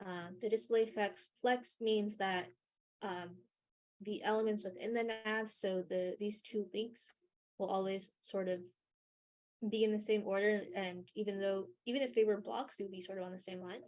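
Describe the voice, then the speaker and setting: A young woman leading a live coding workshop, talking through her screen with many ums and pauses, her voice a little worn. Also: medium pitch, steady tone, a little mellow. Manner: hesitant, many ums and sort ofs. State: losing her voice a bit. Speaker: workshop instructor.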